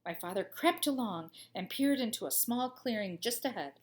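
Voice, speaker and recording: A woman, a teacher, reading a children's storybook aloud with expressive voices and gushing asides. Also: on the high side, moderate pace.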